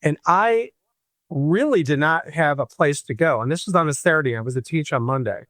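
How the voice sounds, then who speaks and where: A man from Michigan, a podcast guest, telling a personal story in an animated way and acting out the voices he quotes. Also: a little high, fairly quick, no echo. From Michigan, USA.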